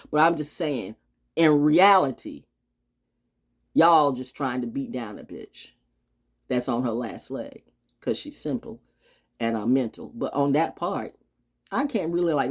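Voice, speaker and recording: Blunt, husky-voiced woman ranting freely. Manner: blunt and profane, swinging from ranting shouts to low asides. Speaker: astrology vlogger. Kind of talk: unscripted monologue. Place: outdoors. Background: birds.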